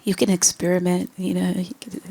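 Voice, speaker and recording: A woman's voice: on the low side, monotone, fairly quick, creaky, dark tone. A woman poet at a live reading event answering audience questions in a loose, playful way. She laughs often and repeats words while she thinks.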